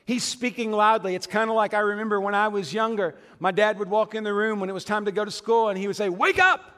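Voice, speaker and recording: A middle-aged man preaching a sermon in a church, conversational and humorous, with asides to the congregation. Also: sits high. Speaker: pastor. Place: church sanctuary. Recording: long hall reverb.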